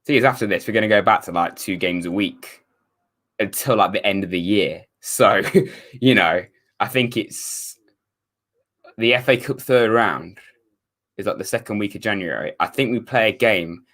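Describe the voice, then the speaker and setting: A young English host chats through a watchalong stream, reading out viewer comments with rambling, self-correcting talk and wry sarcasm. His voice is lowish and fairly bright, moving at a moderate pace.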